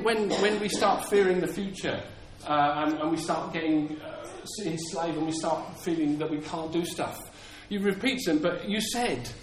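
A man preaching a sermon in an earnest way, often repeating words and acting out the lines he quotes. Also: sits high. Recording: echoey room with faint ambience.

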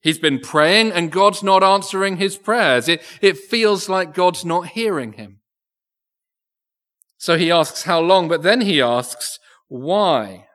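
A man's voice: high-pitched, lively intonation, takes it slowly, bright, forceful tone. A man preaching a sermon in a church, earnest, often repeating words as he thinks aloud. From England. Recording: echoey church with long reverb.

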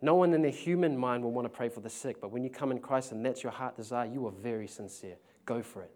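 A young man, preaching a testimony sermon. He tells the story in a slangy, animated way and laughs often. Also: medium pitch, fast talker.

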